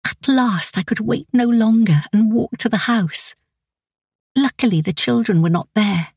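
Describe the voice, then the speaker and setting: A woman reading a first-person novel as an audiobook narrator, in an intimate, anxious and measured way. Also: a little high, a little mellow, breathy edge, no room sound, studio quality.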